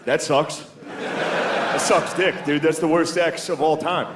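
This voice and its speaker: A man performing a stand-up monologue on a large stage, telling stories in a deadpan way and slipping into put-on voices. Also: on the high side, slow pace, heavy background noise. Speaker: stand-up comedian. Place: large theater stage with live audience.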